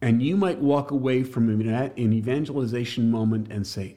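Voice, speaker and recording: A man's voice: mid-range voice, moderate pace, hardly any pauses, warm tone. A man teaching a church class on evangelism, jokey and emphatic, talking straight to his listeners.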